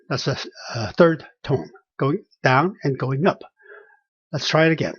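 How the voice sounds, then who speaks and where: Slow, halting man teaching tones. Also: fairly high pitch, lively intonation, husky, no room sound. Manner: slow and halting, many fillers, repeats words to model pronunciation. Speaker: Chinese language teacher. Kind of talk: explaining a language lesson. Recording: dull lo-fi dry recording.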